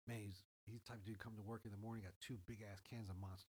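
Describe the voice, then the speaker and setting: This lowish male voice moves very fast with a breathy edge, captured on a rough recording. Animated and profane, he's telling a story in casual conversation and performing the quoted lines himself.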